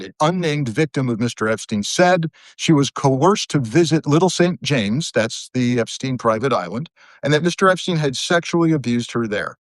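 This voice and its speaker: A man's voice: medium pitch, no echo. A middle-aged man from Southern Connecticut hosting a live stream, reading news items aloud and breaking off for sarcastic asides.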